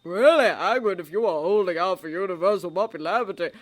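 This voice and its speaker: Woman putting on a calm, wry old headmaster wizard. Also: fairly low pitch, natural voice. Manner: pleasant, measured, dryly humorous.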